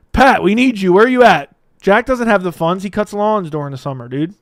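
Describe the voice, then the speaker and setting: A man hosts a casual live MMA stream from home and teases his chat as he reads their messages. His voice sits a little high and comes across smooth and resonant. The sound is dry and close to the mic, with no room behind it. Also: normal speed, no echo. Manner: joking, laughs often, playful teasing of chat. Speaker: MMA livestream host. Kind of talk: casual livestream chat reading viewer comments.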